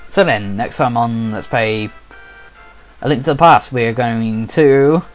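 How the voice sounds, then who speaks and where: A man's voice: medium pitch, slow pace, faint music behind. A sleepy man giving casual let's play commentary, rambling and often stopping to correct himself.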